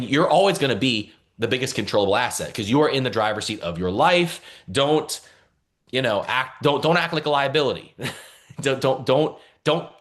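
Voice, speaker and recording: Male team leader on a video call, animated delivery with a lot of pitch movement, punchy repeated lines. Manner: energetic, repeats phrases, calls for responses. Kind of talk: motivational talk on a video call.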